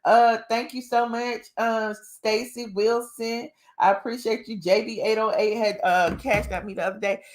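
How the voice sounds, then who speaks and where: A woman's voice: a little high, little pitch movement, moderate pace, hardly any pauses. A woman from Georgia with a Southern accent, hosting a casual livestream and chatting in slangy, joking talk while thanking viewers. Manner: chatty, slangy, reads viewer comments aloud with laughter. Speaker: livestream host.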